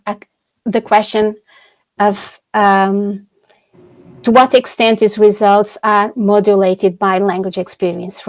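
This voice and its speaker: A woman researcher takes audience questions in an online academic Q&A, speaking slowly and hesitantly with plenty of fillers and restarts. Her voice sits in a middle pitch. The video-call sound is dry and close. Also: no room sound. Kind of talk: academic webinar Q&A.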